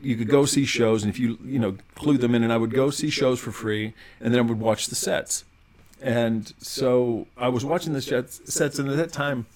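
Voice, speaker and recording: Male podcast guest, mid-pitched, rambling animated storyteller. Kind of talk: casual podcast conversation.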